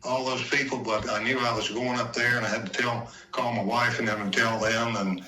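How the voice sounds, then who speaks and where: Older man, folksy anecdotal storyteller, very bright tone, echoey sound from a distant mic. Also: medium pitch, steady tone. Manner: folksy, unhurried, retells talks in quoted dialogue. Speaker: interview guest, retired football player. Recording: roomy echo, distant from mic.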